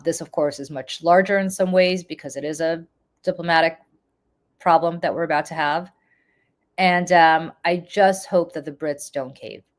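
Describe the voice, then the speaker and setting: A woman with a congested voice, giving casual live-stream political commentary and chatting with viewers, with frequent ums. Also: deep voice.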